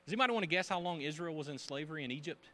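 A man preaching a sermon as pastor, emphatic, swinging between loud bursts and hushed asides. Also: on the high side, animated, very fast.

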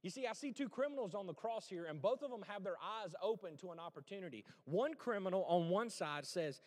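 A man preaching a sermon as pastor, animated and conversational, with joking asides to the congregation. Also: high voice, brisk, few pauses, in a large hall.

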